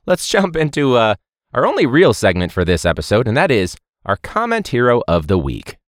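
A man's voice: medium pitch, normal speed, dry recording. A man hosting a casual podcast, ranting sarcastically with swearing and laughter as he talks about teaching. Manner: animated, swearing, sarcastic, laughing mid-sentence.

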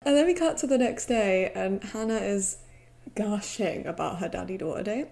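A young woman co-hosting a casual show recap, blunt and animated, laughing and swearing as she retells scenes. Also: medium pitch, moderate pace, creaky. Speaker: podcast co-host.

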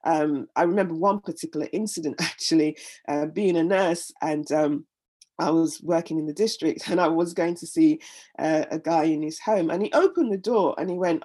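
A woman's voice: sits low, lively intonation, normal speed, mellow, slightly rough. A middle-aged woman, a guest in an interview, telling her own story in an earnest, heartfelt way, often repeating words as she gathers her thoughts. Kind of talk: candid personal interview.

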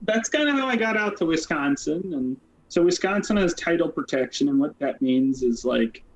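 A man's voice: a little high, lively intonation, poor audio. A man being interviewed as a social worker, telling his story casually and rambling, with lots of "like" and "um" fillers. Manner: rambling, many "like" and "um" fillers, quick asides.

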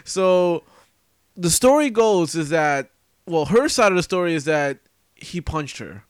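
A man's voice: fairly high pitch, animated, a little slow, clear, resonant tone, dry recording, clean studio sound. A man co-hosting a casual podcast, telling a rambling story with plenty of swearing. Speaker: podcast co-host.

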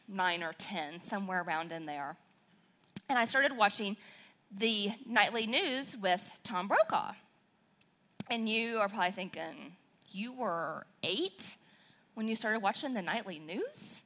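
A bright, forceful woman with a southern Wisconsin accent who is preaching at church as the pastor's wife. She tells her stories with sass and excitement, and she lets her feelings show. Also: medium pitch. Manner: sassy, excitable, emotional storytelling. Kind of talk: sermon.

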